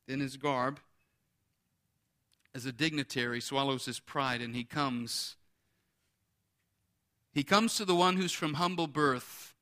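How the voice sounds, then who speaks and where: A male pastor preaching with a forceful, bright tone and a somewhat high voice. He is earnest and builds to emphatic peaks. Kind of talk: sermon.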